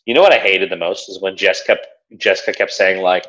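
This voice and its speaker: A man's voice: sits low, fast, fairly bright tone. A young man co-hosting a podcast, chatting casually and acting out quotes from a reality show. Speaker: podcast co-host. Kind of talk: casual chat. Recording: dull lo-fi sound.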